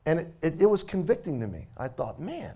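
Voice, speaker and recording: A man's voice: fairly high pitch, sing-song, fast talker, mellow. A man in his forties, a pastor preaching a sermon as a casual, self-deprecating story.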